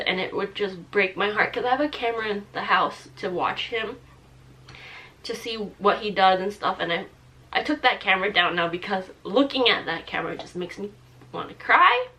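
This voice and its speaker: A young woman in her twenties talking to camera in a halting, tearful way, with fillers and restarts and a thick throat she keeps clearing. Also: mid-range voice, pushed and bright. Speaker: vlogger. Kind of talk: personal talk to camera.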